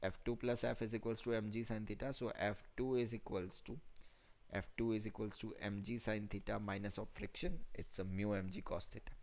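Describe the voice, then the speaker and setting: A man's voice: lowish voice, fairly even intonation, a little fast, a little mellow. A man teaching a physics class, repeating phrases and checking in with students. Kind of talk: classroom lecture.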